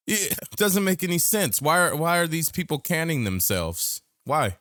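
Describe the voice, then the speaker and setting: A man's voice: a little high, sing-song, normal speed, few pauses, fairly bright tone, no echo, studio quality. A man hosting a reaction video, bluntly scolding the people in the clips and calling for accountability. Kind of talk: casual reaction commentary.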